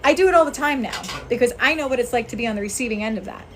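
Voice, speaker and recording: A woman's voice: a little high, racing, background noise. Earnest woman chatting on a livestream. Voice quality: earnest, motivational, thanks viewers by name. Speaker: spirit medium on a livestream. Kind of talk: casual livestream chat. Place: outdoors.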